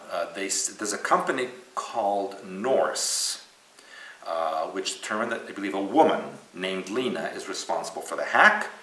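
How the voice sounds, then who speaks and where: A man with a low voice hosts a casual news commentary show, joking, teasing and staying animated, with teasing asides as he talks. He sounds distant and off mic in an echoey room.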